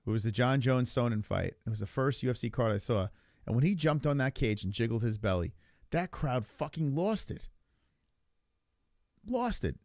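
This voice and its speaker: A man co-hosting a casual podcast, talking in an animated, profane and rambling way. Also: medium pitch, normal speed, no room sound, studio quality. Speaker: podcast co-host. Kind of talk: casual chat about fights.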